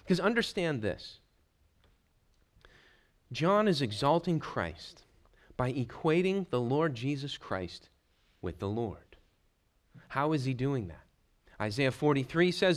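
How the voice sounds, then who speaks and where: A man preaching an expository sermon as a pastor, in an emphatic style that swells into forceful declarations. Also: medium pitch, big pitch swings, slow pace, pauses often.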